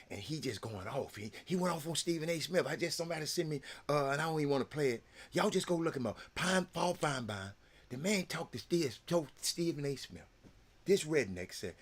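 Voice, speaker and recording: A man's voice: mid-range voice, breathy edge. A man, hosting a casual talk show and rambling to his viewers with lots of repeated words. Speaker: sports talk show host.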